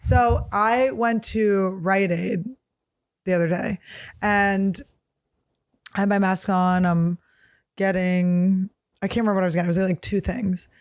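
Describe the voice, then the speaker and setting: A woman's voice: mid-range voice, steady tone, measured pace, long pauses. Female podcast host, brash comic storyteller, rant-style delivery. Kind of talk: comedic storytelling chat.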